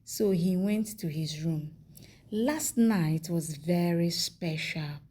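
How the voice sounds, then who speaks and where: Slow, husky woman narrating a recap. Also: lowish voice, warm tone. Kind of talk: scripted plot recap narration.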